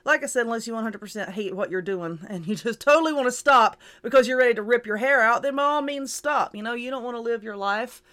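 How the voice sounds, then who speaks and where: A woman's voice: on the high side, quick pace, hardly any pauses, fairly bright tone. A woman hosting her own show, giving casual, reassuring advice in a chatty, repetitive way while stifling hiccups. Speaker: YouTuber and podcast host.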